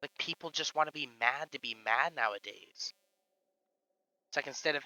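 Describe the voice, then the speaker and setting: A man's voice: medium pitch, moderate pace, bright, forceful tone, no echo, rough recording. A man chatting casually on a live stream, rambling with lots of fillers and swearing. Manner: rambling, profane, full of fillers.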